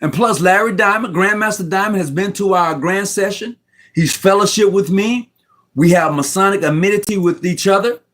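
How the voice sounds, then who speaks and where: A man's voice: high voice, moderate pace, fairly bright tone. A middle-aged man talking casually on a video call from home, heartfelt and rambling, repeating himself in slangy speech and close to tears. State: near tears. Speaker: Mason guest on a live stream. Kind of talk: emotional casual talk. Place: room at home.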